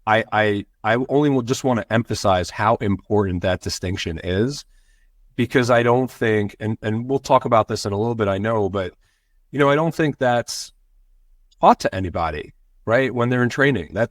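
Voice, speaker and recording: Low-pitched man explaining as a guest. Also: no echo, clean studio sound. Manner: measured, explanatory, with many fillers. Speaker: podcast guest, physician. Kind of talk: conversational interview answers.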